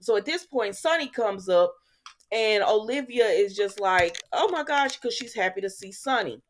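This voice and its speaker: A woman's voice: medium pitch, moderate pace. A woman hosting a casual soap opera recap, chatty and sassy, talking back to the characters.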